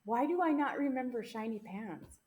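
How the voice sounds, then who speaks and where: A woman's voice: fairly high pitch, lively intonation, normal speed, darkish tone, highs cut off. Playful woman podcast host. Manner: playful, teasing, jokey. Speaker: podcast co-host presenting the case. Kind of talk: casual podcast chat. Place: small home podcast room.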